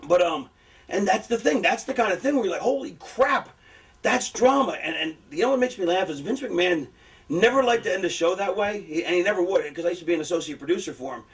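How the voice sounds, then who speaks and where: A middle-aged man tells stories in a loose, profane ramble, jumping into animated impressions of excited fans. His voice sits high for a man. He sounds a little distant from the microphone. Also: quick pace. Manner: animated, acts out fan reactions in a higher voice. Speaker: former wrestler talking about booking. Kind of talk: casual rambling storytelling with profanity.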